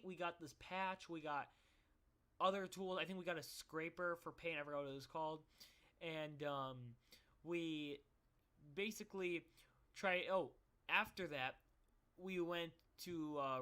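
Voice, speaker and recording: A young man tells a story about his own life in a loose, rambling way, full of fillers and little laughs. His voice is bright and a little tense, sitting slightly high for a man. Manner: rambling, animated, laughs often, many fillers. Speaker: vlogger. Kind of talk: casual storytelling.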